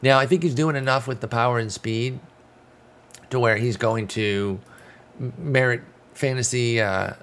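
A man's voice: mid-range voice, measured pace, a bit bright. A man hosting a casual fantasy baseball talk, rambling and correcting himself as he reads out stats. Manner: rambling, self-correcting, frequent fillers. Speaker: fantasy baseball podcast host. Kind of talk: casual analytical chat.

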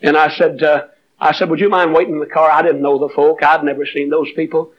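An older preacher with a drawl delivers a revival sermon in a high, ringing voice. He tells his stories plainly, then climbs into fervent exhortation. The recording is muffled and dull, like an old sermon tape. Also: little pitch movement, fairly quick. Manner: storytelling, rising into fervent high-pitched preaching.

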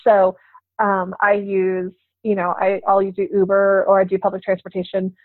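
A woman's voice: medium pitch, completely flat delivery, normal speed, no room sound. A woman guest on a podcast interview, speaking in a chatty way with frequent laughs and restarts. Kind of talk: casual interview chat. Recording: tinny phone-like line.

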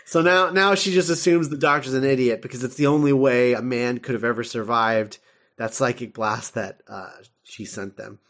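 A man's voice: medium pitch, steady tone, normal speed, fairly bright tone. A man co-hosting a podcast, casually recapping an episode with lots of laughter and fillers. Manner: chatty, laughs often, many fillers while retelling. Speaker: podcast co-host.

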